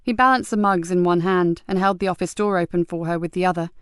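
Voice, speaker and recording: Woman reading an audiobook, crisp clear voice, dry close sound. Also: fairly low pitch, steady tone, fast, no echo. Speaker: audiobook narrator. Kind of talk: scripted narration.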